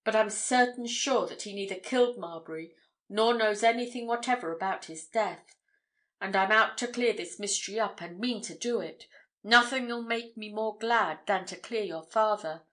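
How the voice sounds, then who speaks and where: A woman's voice: mid-range voice, moderate pace, fairly bright tone, close to an everyday voice. A woman reading the part of a blunt, eager young male journalist, hearty and emphatic in his protests.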